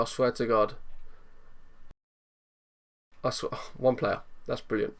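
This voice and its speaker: A man giving excitable live commentary over a football management game, swinging from low muttering to loud outbursts. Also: normal speed. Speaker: gaming YouTuber.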